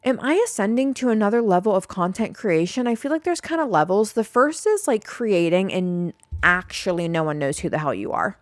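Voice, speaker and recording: A woman's voice: mid-range voice, sing-song, brisk, hardly any pauses, no room sound, studio quality. A young woman hosting a casual podcast, rambling and swearing freely as she vents to her listeners. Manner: rambling, profane, fired-up. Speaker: podcast host.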